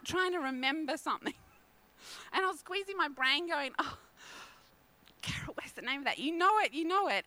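An animated middle-aged woman, preaching a sermon and telling stories with frequent laughter. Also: high voice, no echo, low-quality recording. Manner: animated, laughing often, storytelling.

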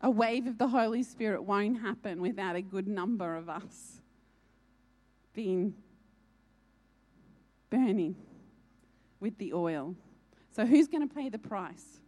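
A woman's voice: mid-range voice, slow pace, long pauses, dark tone. A woman preaching a sermon, urgent and earnest, repeating key lines for emphasis.

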